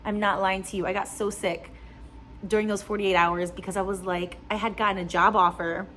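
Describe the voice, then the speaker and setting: A woman's voice: medium pitch, steady tone, a little fast, fairly bright tone, a little hiss or hum. Chatty young woman vlogging casually. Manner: chatty, lots of "like" fillers. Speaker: new nurse vlogger. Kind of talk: casual personal vlog.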